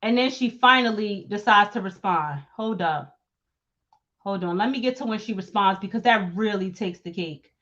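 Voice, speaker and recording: A woman hosting casual celebrity gossip commentary, animated and mocking, laughing often and talking in slang. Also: mid-range voice, lo-fi sound. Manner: slangy talk, repeated phrases. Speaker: commentary host.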